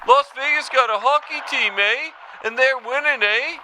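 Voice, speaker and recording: A man's voice: very high-pitched, moderate pace, pushed and bright, a little hiss or hum, voice pushed up, heavily acted, rough recording. A man voicing a sulky, whining Canadian caller who tags every line with "eh".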